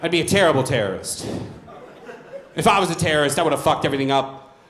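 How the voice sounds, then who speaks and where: Brash, swearing male stand-up comic, voice slightly high, in a roomy club. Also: expressive, fast, a bit bright. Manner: brash, profane, self-mocking. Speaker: stand-up comedian. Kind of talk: stand-up comedy set. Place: comedy club stage. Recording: roomy comedy club sound.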